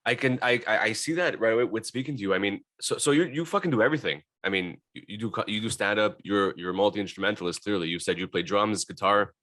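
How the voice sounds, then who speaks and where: A man's voice: on the low side, fast, hardly any pauses, fairly bright tone, no room sound. A man hosting a podcast, asking questions in an easygoing way with casual swearing. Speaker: podcast host. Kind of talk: casual interview chat.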